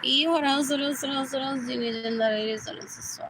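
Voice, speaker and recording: A woman's voice: sits high, fairly even intonation, fairly quick. A woman livestreaming a meandering monologue, repeating herself and switching between English and Spanish, apparently while waiting for a bus. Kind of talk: rambling live-stream monologue. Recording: loud street noise with passing vehicles.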